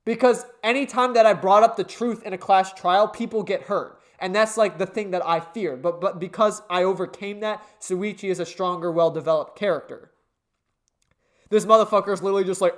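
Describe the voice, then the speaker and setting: A man giving casual let's play commentary in an excitable, swearing, joking way. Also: high-pitched, a little fast.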